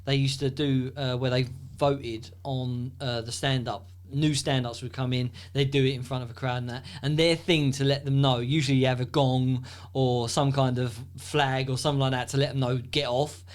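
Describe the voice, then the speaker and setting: A man's voice: medium pitch, level tone, moderate pace, hardly any pauses. An English man co-hosting a casual podcast chat, telling stories animatedly and laughing often. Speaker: podcast co-host.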